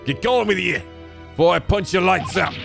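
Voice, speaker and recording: A man voicing a gruff, hostile middle-aged prison governor with a put-on brogue. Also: medium pitch, huge pitch swings, a little fast, a bit bright, faint music behind, exaggerated voice. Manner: gruff, threatening.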